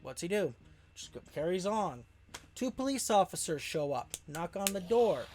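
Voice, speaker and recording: A man's voice: high-pitched, normal speed, slight background noise. Man spinning a story with rhetorical questions. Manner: rhetorical questions, animated retelling. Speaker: channel host. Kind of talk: casual storytelling over gameplay.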